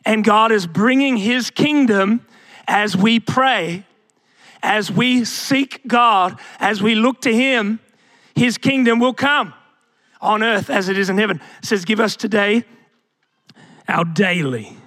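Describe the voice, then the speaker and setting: A man's voice: high voice, slow pace, fairly bright tone, no echo, studio quality. A young man preaching a sermon as pastor, asking the congregation rhetorical questions and calling out to them.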